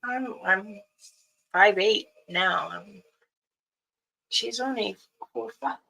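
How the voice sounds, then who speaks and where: A woman, a spiritual elder, telling a story in casual spoken style, unhurried, pausing and restarting. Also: medium pitch, creaky, sharp tone, rough recording.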